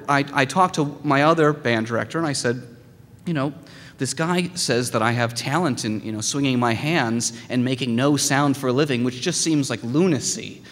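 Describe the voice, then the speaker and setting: A man in his thirties, a conductor giving a motivational talk to students, animated and acting out quoted voices with self-deprecating humor. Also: medium pitch. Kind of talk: motivational speech. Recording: hall with long reverb.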